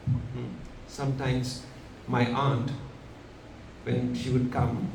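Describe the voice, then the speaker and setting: Male devotional storyteller, animated and engaging, distant roomy recording. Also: medium pitch, slow, creaky. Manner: animated, acts out characters, asks the audience questions. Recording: echoey room from far off, background noise.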